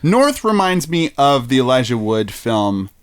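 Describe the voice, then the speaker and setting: Podcast host: playful word-association riffing, unhurried pace, very animated pitch. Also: clear, resonant tone. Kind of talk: casual comedic podcast banter.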